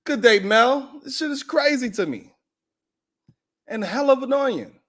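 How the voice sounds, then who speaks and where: A man's voice: extremely high pitch, expressive, a little slow, a bit bright. A man hosting a live stream, ranting in heated, profane reaction commentary.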